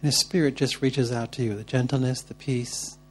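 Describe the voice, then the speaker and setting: A man's voice: medium pitch, steady tone, fairly quick, soft background music. A man leading a church workshop, guiding the group through prayer and then encouraging people to share. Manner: gentle and encouraging, upbeat when calling on people.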